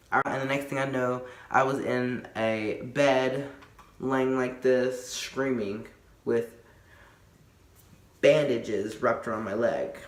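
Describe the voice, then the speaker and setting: A man's voice: medium pitch, fairly bright tone, roomy sound. A man telling a casual storytime, rambling with lots of fillers and restarts. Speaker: vlogger.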